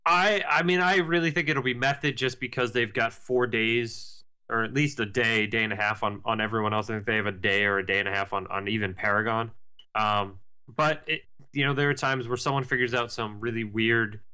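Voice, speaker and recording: A man's voice: mid-range voice, fairly even intonation, brisk, pushed and bright, smooth. A man co-hosting a casual gaming podcast, giving long detailed explanations with many fillers. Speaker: podcast co-host.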